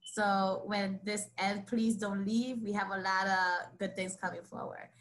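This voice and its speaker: A woman's voice: mid-range voice, fairly even intonation, unhurried, fairly bright tone, a little hiss or hum. A woman hosting a live online poetry event over a video call, speaking enthusiastically to the audience and introducing the next poet. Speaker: event host.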